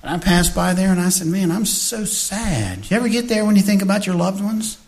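An older man preaching a sermon as pastor, swinging between shouted lines and soft, hushed storytelling. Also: high voice, steady tone, quick pace.

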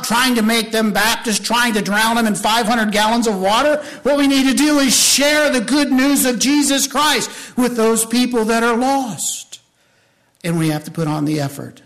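A man preaching a sermon to his church, impassioned, rising to loud appeals and dropping to hushed storytelling, with folksy asides to the congregation. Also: high-pitched.

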